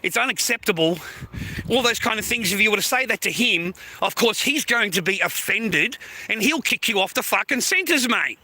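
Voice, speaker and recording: Aussie bloke ranting on a live, swears nonstop, high bright voice, really cranky. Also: male voice, expressive, normal speed. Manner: angry, heavy swearing, blunt. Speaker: livestreamer. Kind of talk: profane live-stream rant.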